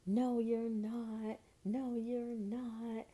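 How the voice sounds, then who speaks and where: A woman's voice: a little high, flat delivery, very slow, warm tone, pitched above the performer's own voice. A woman voicing a jealous, scolding young man. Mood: indignant. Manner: scolding, indignant.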